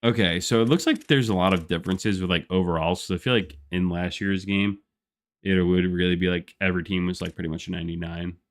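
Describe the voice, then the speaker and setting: A man's voice: deep voice, fairly even intonation, fast talker. A young man chatting casually on a live gameplay stream, rambling with lots of fillers and frequent laughs. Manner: rambling, laid-back, many "like" fillers, laughs often. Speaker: gaming streamer.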